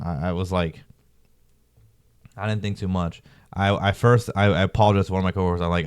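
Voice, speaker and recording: A man's voice: low-pitched, brisk, a little mellow, clear, resonant tone, no echo, studio quality. A young man telling a story in a rambling, slangy way, peppered with "bro" and "like". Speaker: vlogger. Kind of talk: casual storytelling.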